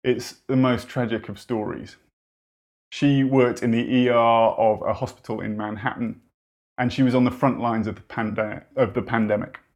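Gravelly-voiced male preacher. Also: medium pitch, steady tone, normal speed, a little mellow. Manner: earnest, conversational preaching with wry asides. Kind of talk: sermon.

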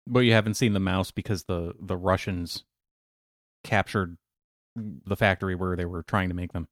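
A man's voice: low-pitched, steady tone. A man co-hosting a casual podcast, quipping and laughing along. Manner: jokey, laughs often, quick quips. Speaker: podcast co-host. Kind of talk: casual chat.

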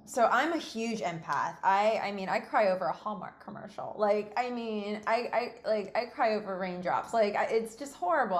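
A woman hosting a casual conversation, telling stories expressively and laughing often. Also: medium pitch. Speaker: podcast host.

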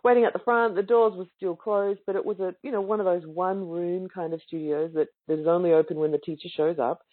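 This yoga student recounts a class to yoga teachers in a casual, excited anecdote, voicing the others' lines herself. Her voice sits lowish, her intonation fairly even, her pace a little fast. It comes through online call or webinar audio with a narrow, phone-like quality.

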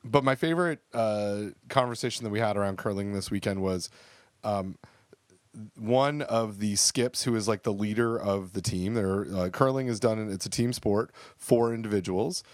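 A man's voice: fairly low pitch, moderate pace, no echo. A man co-hosting a podcast, chatting casually and rambling with lots of fillers and restarts. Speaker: podcast co-host.

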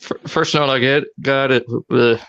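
Male co-host, relaxed conversational delivery, halting starts. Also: medium pitch, creaky, clean tone, dull audio. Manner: laid-back, chuckling, halting starts. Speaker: podcast co-host. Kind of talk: casual chat.

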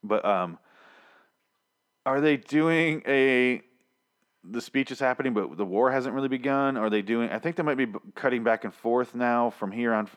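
A man's voice: medium pitch, normal speed, clear, resonant tone. A man hosting a podcast, giving a rambling, sarcastic recap of a TV episode with lots of swearing. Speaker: podcast host reviewing a TV episode. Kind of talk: casual spoken recap.

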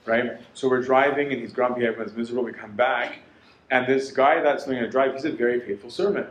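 A man in his thirties giving a lecture, telling a story in lively, animated way and quoting others in dialogue. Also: mid-range voice, brisk, echoey room, a little hiss or hum, low-quality recording.

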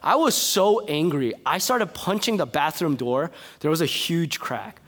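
A young man delivers a sermon with a voice pitched a bit high for a man. He tells stories with animated energy and addresses the church in a soft, earnest tone. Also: unhurried. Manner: animated storytelling, shifting to soft earnest preaching. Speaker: pastor.

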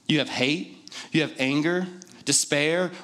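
A man's voice: fairly high pitch, a little slow, fairly bright tone. A man preaching a sermon in a conversational, joking way, driving points home with repetition. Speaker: pastor.

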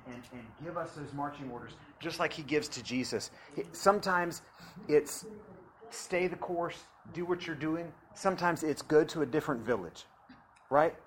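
A man preaching a sermon to students, swinging from loud preaching to hushed asides and repeating phrases for emphasis. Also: on the high side, slight background noise, low-quality recording.

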